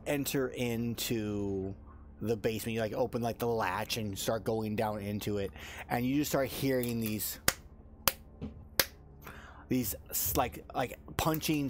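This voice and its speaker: A man's voice: medium pitch, takes it slowly, slight background noise. A man running a tabletop game as dungeon master, narrating loosely with fillers and restarts.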